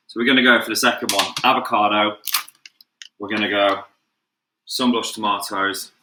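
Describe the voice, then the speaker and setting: A bright, lively Mancunian man, a chef chatting to his viewers as he cooks at home. He calls out to them casually and moves around the kitchen as he talks. His somewhat low voice rings in an echoey room, with a faint hum of ambience behind it. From England. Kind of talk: live cooking stream.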